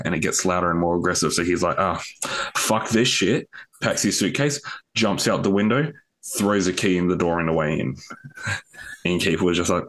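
A young man with a very low voice tells a long, meandering joke on a casual podcast. He swears freely and rambles as he talks. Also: normal speed, fairly bright tone. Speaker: podcast co-host. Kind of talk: casual storytelling.

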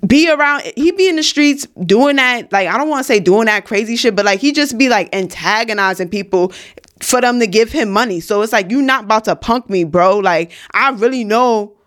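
A woman's voice: a little high, expressive, fairly quick, a bit bright. A young woman, casually telling a storytime in a slangy, emphatic way from her home studio. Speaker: vlogger.

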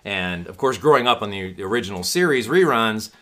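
A man's voice: on the low side, lively intonation, brisk, pushed and bright. A man in casual podcast chat, rambling enthusiastically with lots of fillers. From from Sacramento area. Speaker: podcast guest.

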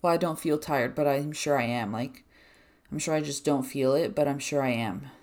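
Low-voiced chatty young woman podcaster. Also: moderate pace, darkish tone. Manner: rambling, chatty, filler-heavy with frequent "like". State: out of breath. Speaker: podcast host. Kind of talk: casual solo podcast chat.

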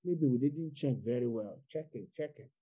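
A man's voice: medium pitch, normal speed. Man preaching over lo-fi audio. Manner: repetitive, building to fervent exhortation. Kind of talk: sermon. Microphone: online video call.

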